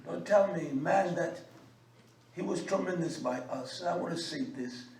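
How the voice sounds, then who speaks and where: Male religious teacher, emphatic and scolding; higher voice; roomy echo with faint background noise. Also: moderate pace, a little mellow. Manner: emphatic and scolding, with frequent uh fillers. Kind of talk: fiery sermon teaching. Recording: echoey room, mic at a distance, faint background noise.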